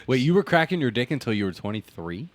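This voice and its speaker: A man hosting a podcast, teasing and blunt, quick to laugh in casual chat. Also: medium pitch, sing-song. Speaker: podcast host.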